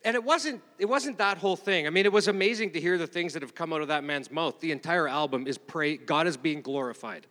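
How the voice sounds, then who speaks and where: Middle-aged male pastor, slightly high voice, chatty, rambling sermon delivery, long hall reverb. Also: brisk, hardly any pauses, pushed and bright. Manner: rambling, conversational, with many fillers and restarts. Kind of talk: informal sermon. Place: church meeting room.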